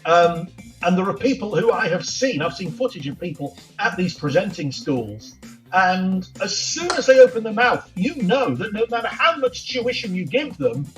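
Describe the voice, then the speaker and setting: Camp, lively high-voiced male presenter. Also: normal speed, faint music behind, low-quality recording. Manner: animated, teasing, exclaims loudly. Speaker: guest presenter hosting a mock phone-in quiz. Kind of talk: camp, theatrical banter.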